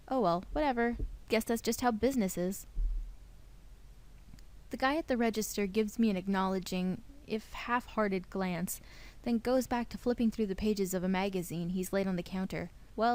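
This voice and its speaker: A young woman hosting a let's play, reading a visual novel's narration aloud in a playful, expressive way. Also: mid-range voice.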